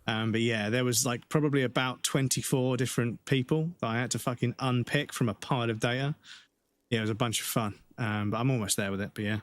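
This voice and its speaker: A man's voice: medium pitch, fairly even intonation, quick pace, no echo. Rambling, swearing male game streamer. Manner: rambling, swears freely, jokes and chuckles. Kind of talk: casual chat while streaming a game.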